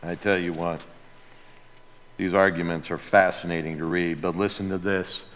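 A male pastor preaching a sermon in a church, emphatic and dramatic, dropping to quiet asides and then rising to loud outbursts. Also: low-pitched, fairly even intonation, moderate pace. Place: church sanctuary with a sound booth. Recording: long reverb in a large hall.

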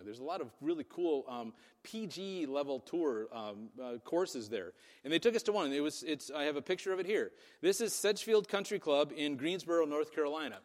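A middle-aged man preaching a sermon in a relaxed, conversational storytelling way, with plenty of ums. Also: fairly high pitch. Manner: conversational storytelling with many fillers. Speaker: pastor. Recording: long reverb of a large hall.

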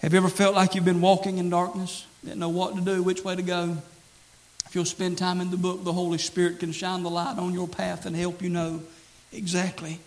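A man's voice: high-pitched, monotone, brisk, low-quality recording. A man preaching a sermon as pastor, earnest and repetitive, quoting scripture and stressing key phrases.

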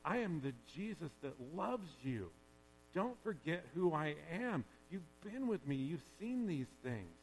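A man voicing Jesus as a calm, earnest, reassuring adult man within his sermon. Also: on the high side, unhurried, slight background noise, voice pushed up. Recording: long reverb of a large hall.

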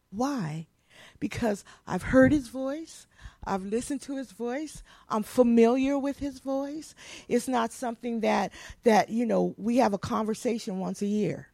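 A woman's voice: a little high, vocal fry, warm tone, dry recording, studio quality. A woman pastor preaching a sermon in a folksy, emphatic way.

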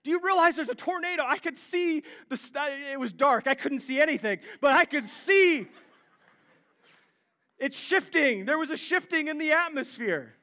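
A young man from Ohio preaching a sermon, telling animated stories with self-deprecating humor. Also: extremely high pitch, normal speed. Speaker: pastor.

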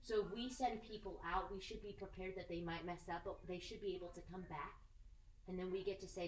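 A woman giving a casual, animated sermon, joking and acting out the people she quotes. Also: lowish voice, fairly quick, a little hiss or hum. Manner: animated, jokey, acts out quoted voices. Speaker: preacher. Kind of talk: conversational sermon. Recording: echoey room, mic at a distance.

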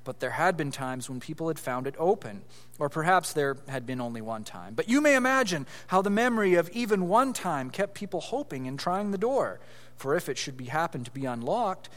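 A man's voice: a little high, animated, moderate pace, big-room sound. A man reading a children's story aloud with expression, then explaining it with growing animation as a preacher.

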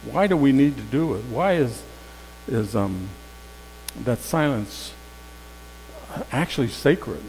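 A man preaching a sermon in a conversational storytelling way, swinging from loud emphasis to hushed tones. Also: medium pitch, expressive, takes it slowly, long pauses. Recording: long hall reverb with faint mains hum.

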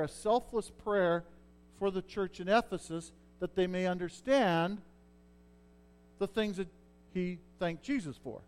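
A middle-aged man with a notably high voice preaches a sermon. He talks like he's chatting with the congregation and often stops to ask if they're following. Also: a little mellow. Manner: conversational preaching, checks in with listeners. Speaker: pastor.

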